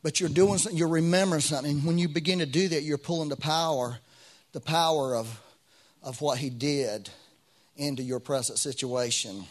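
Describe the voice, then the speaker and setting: A man's voice: on the high side, moderate pace. A middle-aged man preaching a sermon as pastor, in a conversational way with frequent restarts and rising bursts of emphasis.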